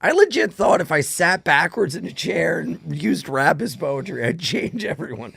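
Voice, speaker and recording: Gravelly, animated man telling stories. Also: a little high, moderate pace, no room sound. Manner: animated, acts out voices in his stories. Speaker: comedian and podcast co-host. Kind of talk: casual comedic storytelling. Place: podcast studio.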